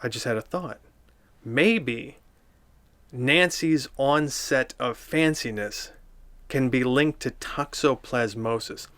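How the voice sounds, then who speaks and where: A man doing a deadpan comedic review of a picture book, with dry, sardonic, rambling asides. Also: mid-range voice, slow pace, no room sound.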